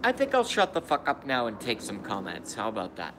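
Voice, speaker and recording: A man's voice: medium pitch, huge pitch swings, a little fast, background noise. A man casually chatting on a live stream, grumbling and cursing at himself. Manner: profane, self-deprecating grumbling. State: hiccups.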